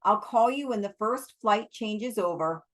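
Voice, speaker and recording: Brief: woman reading as a joking young man, wry banter, unhurried. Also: medium pitch, animated, lightly acted.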